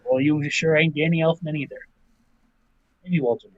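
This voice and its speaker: A man's voice: fairly high pitch, steady tone, normal speed. A man teasing and wisecracking in casual chat while co-hosting a game stream. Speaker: co-host playing a game on stream. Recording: dull lo-fi microphone.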